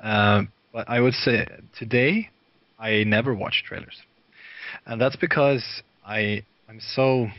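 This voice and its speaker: Male podcast guest from Sweden, low voice, animated storyteller who laughs a lot, dry and slightly dull lo-fi recording. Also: slow pace, no room sound. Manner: lively storyteller, laughs often, many fillers. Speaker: guest, video director. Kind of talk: casual anecdotal chat.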